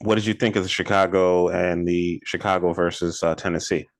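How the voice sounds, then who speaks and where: A man's voice: sits low, fairly even intonation, fairly quick. A man co-hosting a sports podcast, asking his partner questions and giving short, agreeable replies. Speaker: podcast co-host. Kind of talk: casual sports chat.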